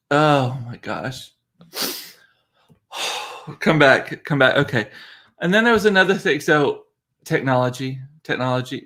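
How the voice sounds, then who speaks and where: A man's voice: medium pitch, fairly bright tone. A man hosting a casual livestream from his home computer, chatty and laughing at himself. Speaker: livestream host, father. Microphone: computer mic.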